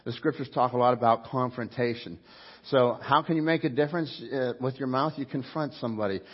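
Animated preaching man, lo-fi. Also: medium pitch, brisk, breathy edge. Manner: animated preaching, swinging between loud emphatic bursts and quiet asides. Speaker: pastor. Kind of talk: sermon. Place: church sanctuary before a congregation.

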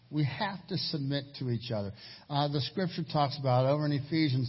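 A middle-aged man preaching a sermon as pastor, telling stories with sudden raised emphasis. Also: medium pitch. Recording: dull lo-fi sermon recording.

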